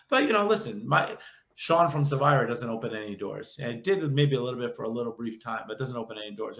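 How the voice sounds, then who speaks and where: Guest: quick, nasal New York man in his fifties, jokey rambler, roomy echoey sound. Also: mid-range voice, gravelly, a bit bright. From Long Island, New York. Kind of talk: casual interview chat.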